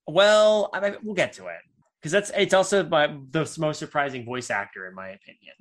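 A man's voice: fairly high pitch, sing-song, fairly quick. A man in casual chat, talking with eager enthusiasm and rambling through restarts.

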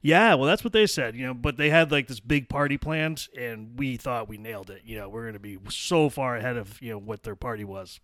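A man's voice: medium pitch, a little fast, hardly any pauses, a bit bright, dry recording, clean studio sound. A man who works as a contractor, chatting in an easygoing way and often agreeing and chuckling. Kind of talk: casual chat.

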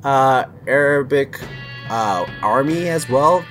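A young man casually recapping a film on a podcast, animated and laughing as he tells the story. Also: medium pitch, slow, soft background music.

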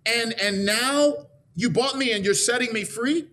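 A man's voice: very high voice, measured pace, sharp tone, exaggerated voice. A man preaching, quoting a young enslaved woman who has just been set free, in nearly his own voice. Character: freed young enslaved woman, bitter then grateful. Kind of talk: sermon storytelling.

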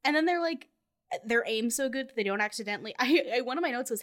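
A woman co-hosting a casual movie podcast, animated, laughing often and trailing off mid-thought. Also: a little high, quick pace. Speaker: podcast co-host. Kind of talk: casual movie-review chat.

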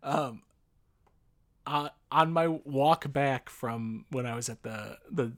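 A man's voice: mid-range voice, slow. A man telling a rambling story in casual chat, swearing freely and acting out the people in it with laughs. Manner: animated storyteller, swears, acts out voices with laughs. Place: Los Angeles area.

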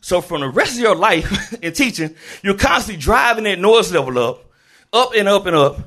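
A man who is a teacher, telling a personal story live on stage, animated, laughing often and shouting to the crowd. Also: sits high, moderate pace. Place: live event venue in Memphis.

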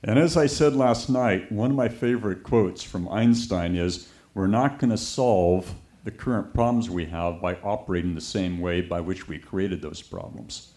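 Man, preacher, sermon storytelling, lively anecdotes, church setting. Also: low voice, moderate pace. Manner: lively anecdotal delivery, acts out quoted voices.

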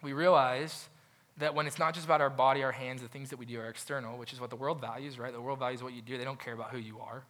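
A young adult man preaching a sermon as a pastor, animated and conversational, acting out quoted voices and restarting his phrases often. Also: mid-range voice, fast talker.

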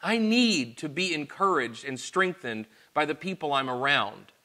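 A man preaching a sermon, earnest, moving between quiet personal confession and loud, emphatic rhetorical questions. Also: a little high, lively intonation, unhurried.

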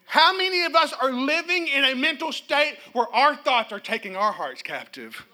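A middle-aged male pastor preaches with a high, lively voice that swings up and down as he tells a story. His tone is very bright and cutting. He keeps the congregation involved with humor and questions. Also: normal speed. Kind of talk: sermon. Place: church.

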